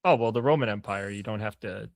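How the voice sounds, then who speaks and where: A man's voice: lowish voice, fast talker, vocal fry, no echo, clean studio sound. A man co-hosting a casual podcast, dropping wry, teasing interjections into the chat. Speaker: podcast co-host.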